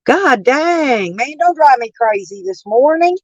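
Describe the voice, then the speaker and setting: A woman's voice: high-pitched, lively intonation, measured pace, no room sound, muffled recording. Woman, livestream rant, brash and profane, allergy-worn voice, dry sound. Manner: brash, profane, argues with chat. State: voice lowered and rough from allergies. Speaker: livestream host reading chat.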